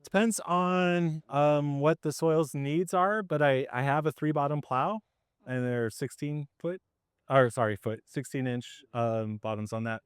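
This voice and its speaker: A man leading a farm tour outdoors, explaining his farming in a casual, conversational way with lots of fillers, his voice slightly hoarse. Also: a little high, unhurried, no room sound, studio quality. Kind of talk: explaining while walking a group around.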